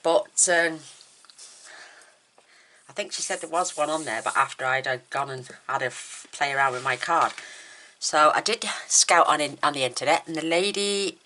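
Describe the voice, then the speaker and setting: Her low, sharp-toned voice comes with a little hiss or hum in the recording. Still numb-mouthed from a dental visit, she demonstrates a papercraft card in a casual tutorial, chatty, eager and wandering off topic.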